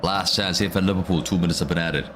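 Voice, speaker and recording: Excitable man ranting over football. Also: deep voice, fast, background noise. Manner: excitable, ranting, repeats himself. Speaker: watch-along streamer. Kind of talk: live football reaction commentary.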